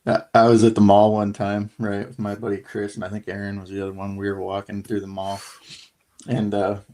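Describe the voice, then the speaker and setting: Low voiced guy on a video call telling a mall story, chatty. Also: completely flat delivery, brisk, mellow, slight background noise. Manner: chatty anecdote teller. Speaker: panelist. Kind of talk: casual panel chat.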